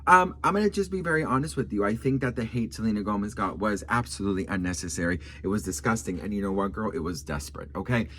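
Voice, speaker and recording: A young man from Miami talks celebrity drama with sass, calling his viewers "girl" as he goes. His pitch swings widely, up high and down low, and his delivery is animated and dramatic. It sounds like a casual vlog commentary. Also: fast, hardly any pauses, a little hiss or hum. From United States (Miami), Colombian family. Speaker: commentary vlogger.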